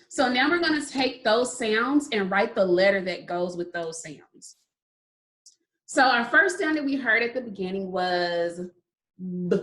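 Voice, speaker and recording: A woman teaching a phonics lesson to young children, sounding words out slowly and praising often. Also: medium pitch, a bit bright. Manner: slow, drawn-out sounding out of words; encouraging, repeated praise. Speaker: kindergarten teacher.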